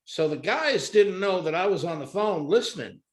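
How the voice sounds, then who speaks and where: Man, guest comedian, casual storytelling, high voice, roomy echo. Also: moderate pace. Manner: animated, acts out voices.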